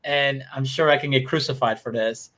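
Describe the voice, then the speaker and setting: A man's voice: medium pitch, steady tone, moderate pace, a bit bright. A man co-hosting a casual podcast, telling stories in a loose, profane way. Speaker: podcast co-host. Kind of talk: casual chat.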